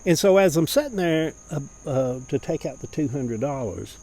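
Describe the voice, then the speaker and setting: A middle-aged man tells a personal story in a rambling, folksy way, restarting phrases and clearing his throat. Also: a little high, lively intonation, moderate pace, mellow, low-quality recording.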